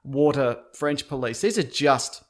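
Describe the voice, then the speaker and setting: A man co-hosting a casual comedy podcast, answering with dry, quick quips and short replies. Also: mid-range voice, lively intonation. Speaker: podcast co-host.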